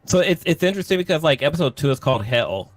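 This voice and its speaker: A man's voice: on the high side, big pitch swings, fast talker, soft background music. A man co-hosting a casual livestream chat, talking in a loose way and laughing easily. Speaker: podcast co-host.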